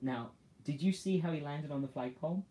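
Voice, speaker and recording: A man's voice: fairly high pitch, a little fast, mellow. A man co-hosting a casual podcast review, laughing a lot and acting out scenes. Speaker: podcast co-host. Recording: echoey room.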